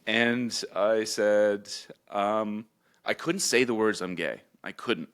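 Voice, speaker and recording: A young man from Newfoundland, co-hosting a podcast, tells a personal story in casual, emotional chat and sometimes jumps high to mimic his mother. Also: flat delivery, slow pace, a bit bright, clear, resonant tone. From Newfoundland, Canada. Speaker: podcast co-host.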